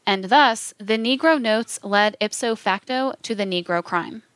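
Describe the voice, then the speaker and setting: A woman reading scripted documentary narration in a measured, formal way. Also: mid-range voice, a bit bright, clean tone, no echo. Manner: measured, reads quotations aloud with formal announcements.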